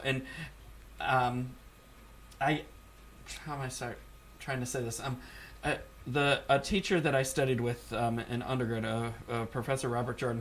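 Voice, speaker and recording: A man's voice: medium pitch, a bit bright, slight background noise. A man judging a music competition who stammers and restarts while giving feedback, laughing easily. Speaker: competition judge. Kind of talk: spoken feedback to a young performer.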